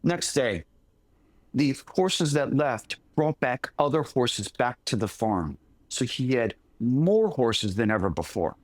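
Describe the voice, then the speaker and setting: A man's voice: medium pitch, sing-song, takes it slowly, no echo. A man co-hosting a podcast in casual chat, telling a story in a rambling way with restarts. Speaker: podcast co-host.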